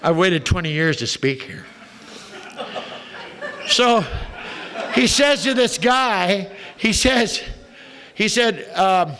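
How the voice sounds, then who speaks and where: A man's voice: high-pitched, expressive, slow pace, long pauses, sharp tone. A man in his sixties, a veteran comedian telling a profane, wisecracking recovery story to a meeting. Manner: profane, wisecracking, punchline-driven. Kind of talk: comic storytelling talk.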